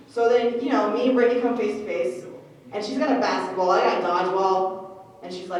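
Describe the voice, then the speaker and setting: A young woman telling a comedic story on a convention panel, animated and swearing as she acts out voices. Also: mid-range voice, fairly quick. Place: large echoey convention hall. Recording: echoey hall from far off.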